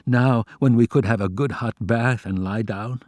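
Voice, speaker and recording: A man reading a first-person memoir aloud in a measured, somber, restrained way. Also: mid-range voice, a little mellow, dry recording. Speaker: audiobook narrator.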